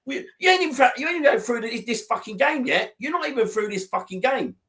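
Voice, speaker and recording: Heated football fan, high-pitched, repetitive sweary rant, watchalong co-host. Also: male voice, lively intonation, quick pace, sharp tone. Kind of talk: angry live match watchalong rant.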